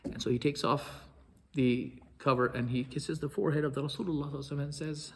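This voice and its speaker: A man telling a story in a lecture, animated, acting out quoted speech with sudden loud outbursts. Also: on the high side, racing, husky. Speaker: Islamic lecturer.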